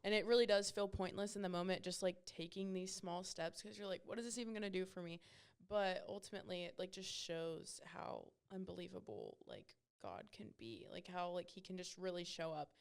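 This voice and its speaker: A woman with a low, gravelly voice that is still smooth and resonant. She co-hosts a youth ministry chat and talks casually, with plenty of fillers. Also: normal speed, hardly any pauses. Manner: conversational, uses many fillers.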